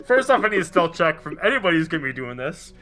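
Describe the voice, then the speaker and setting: A man's voice: on the high side, very animated, brisk, sharp tone. A man running a tabletop game as game master who laughs often while giving directions.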